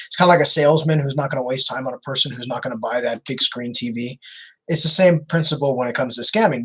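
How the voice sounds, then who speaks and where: Husky man, casual livestream q&a, chatty, lots of fillers. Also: mid-range voice, poor audio. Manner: chatty, repeats himself, many fillers. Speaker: scam baiter answering viewer questions.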